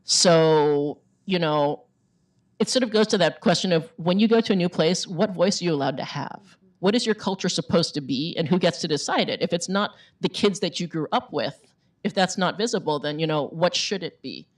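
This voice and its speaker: A woman's voice: on the low side, moderate pace. A middle-aged woman, an author, giving a chatty talk to a bookstore audience, with many fillers and emphatic repetition. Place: bookstore event space.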